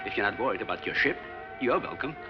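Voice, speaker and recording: A man's voice: on the low side, animated, quick pace, close to an everyday voice. Older guy playing a preachy old scientist, voice swoops up and down, muffled old movie sound with music. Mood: earnest. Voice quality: lecturing, emphatic delivery. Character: older male research scientist, earnest and lecturing. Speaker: scientist and father. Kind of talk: 1950s film acting.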